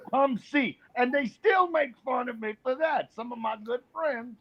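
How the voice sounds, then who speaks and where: Podcast guest, high voice, easygoing chuckler, slightly muffled recording. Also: male voice, measured pace. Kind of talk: casual chat. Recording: slightly dull sound.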